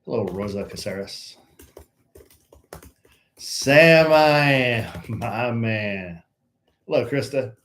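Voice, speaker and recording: A man's voice: medium pitch, expressive, very slow, long pauses, a bit bright. A middle-aged man co-hosting a casual live stream, greeting viewers one by one with dry teasing.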